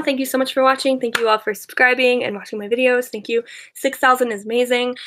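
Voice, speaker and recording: A young woman with a slightly high voice chats casually on a live stream, recorded on a built-in laptop or camera mic. She rambles, trips over her words and fills the gaps with "um" and "like". She laughs easily as she answers viewers' questions. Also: fairly bright tone, a little hiss or hum. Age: young adult. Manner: rambling, filler-heavy, giggly. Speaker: YouTuber answering live chat.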